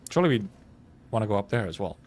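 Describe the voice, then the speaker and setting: A young man streaming a video game, thinking out loud with playful, swearing, laughing casual commentary. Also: lowish voice, very animated, racing, slight background noise.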